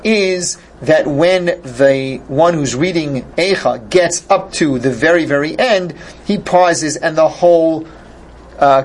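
Man with a slightly raised pitch, explanatory Torah teacher who translates his Hebrew phrases as he goes. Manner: glosses each Hebrew phrase in English; thinks aloud, with repeated starts.

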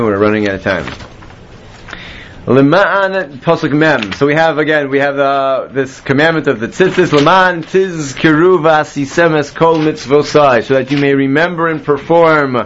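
A man's voice: medium pitch, highs cut off, slight background noise. A man teaching a classroom Bible lesson, explaining step by step and quizzing his students. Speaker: Torah teacher.

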